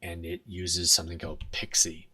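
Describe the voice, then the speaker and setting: Deep-voiced man giving a technical talk. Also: monotone, moderate pace, bright, forceful tone, no echo, distant mic. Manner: explanatory, conversational, checks in with "right?". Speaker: conference speaker.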